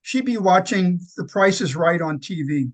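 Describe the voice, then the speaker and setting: A man who founded a nonprofit tells personal stories in an interview, halting with fillers and restarts and acting out the quoted lines. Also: high-pitched. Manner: lively anecdotal storyteller who acts out quoted lines. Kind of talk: conversational interview storytelling.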